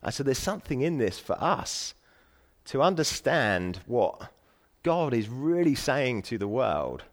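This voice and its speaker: A man's voice: mid-range voice, very animated, unhurried. A man preaching a sermon as pastor, earnest and emphatic.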